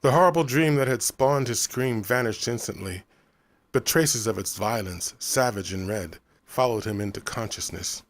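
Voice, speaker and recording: A man reading a novel aloud as an audiobook narrator, in a measured, even storytelling manner. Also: lowish voice, no echo.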